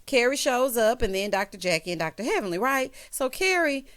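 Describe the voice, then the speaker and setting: A woman's voice: fairly high pitch, lively intonation, a little fast, fairly bright tone. A woman recapping a reality show in a sassy, chatty way, talking straight to the cast. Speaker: recap vlogger.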